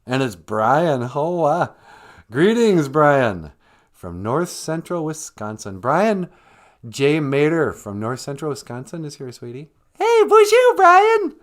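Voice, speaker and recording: A man's voice: mid-range voice, lively intonation, takes it slowly. A man hosting a livestream, chatting casually from home in a rambling, joking way. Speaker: livestream host. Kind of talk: casual chat.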